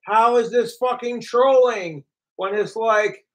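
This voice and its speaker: Male livestreamer, high pitched, unhurried delivery; profane, mocking third-person rant aimed at his trolls. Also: low-quality recording. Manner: mimics his trolls in sneering voices. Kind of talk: ranting livestream talk.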